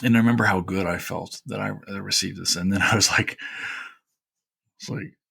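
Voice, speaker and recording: A man from Kentucky talks through a personal story in a loose, rambling way, with "you know" scattered all through it. His voice sits low and has a gravelly, crackly edge. He sounds heartfelt and close to tears. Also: normal speed, long pauses, a bit bright. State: tearful at times. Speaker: historian host.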